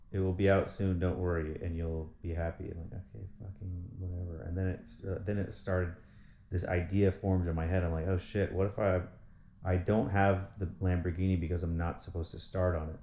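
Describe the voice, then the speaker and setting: A man's voice: deep voice, dark tone, roomy sound, a little hiss or hum. A man talking in a casual monologue, rambling and swearing as he rants in frustration. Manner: rambling, profane, frustrated ranting. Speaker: vlogger.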